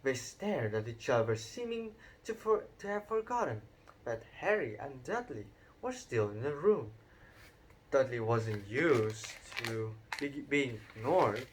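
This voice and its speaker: A man narrating a children's novel aloud in an unhurried, expressive reading with occasional stumbles. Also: mid-range voice, slight background noise. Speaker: audiobook narrator. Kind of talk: storybook read-aloud narration.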